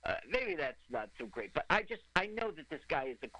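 A man's voice: on the high side, big pitch swings, fairly quick, sharp tone, poor audio. A man co-hosting a radio podcast, chatting casually and with opinions about a movie they are watching, laughing often. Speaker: podcast co-host. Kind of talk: casual movie riffing chat.

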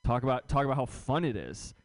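A man's voice: mid-range voice, very animated, quick pace, no echo. A young man doing a stand-up comedy set, rambling and self-deprecating, stumbling over his words.

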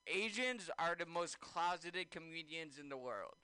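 A man chiming in on a casual radio show with teasing, crude jokes. His voice is bright, smooth and slightly high. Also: animated, measured pace, no room sound. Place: radio studio.

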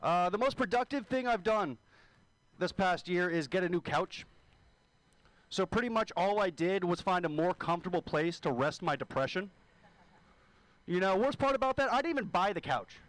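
A young man delivers a crude, brash stand-up set, laughing at himself. His voice is high and lively, swinging widely in pitch. He plays it loose with the crowd in a small club. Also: moderate pace, no echo, poor audio. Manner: crude, brash, self-deprecating. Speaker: stand-up comic.

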